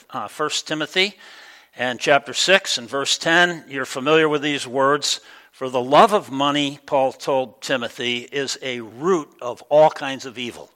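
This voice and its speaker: A middle-aged man preaching a sermon in a relaxed, conversational way, with many ums and uhs. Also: medium pitch, rough recording. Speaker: pastor.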